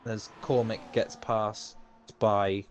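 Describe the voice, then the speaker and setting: A man doing live commentary on an online racing league, chatty and a bit halting, with frequent ums and laughs. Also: fairly low pitch, flat delivery, slight background noise. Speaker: race commentator.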